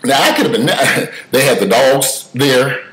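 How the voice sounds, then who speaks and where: A man giving casual spoken commentary, telling stories with emphatic swings from loud outbursts to mutters, cursing freely. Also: mid-range voice, lively intonation, a little slow, very noisy.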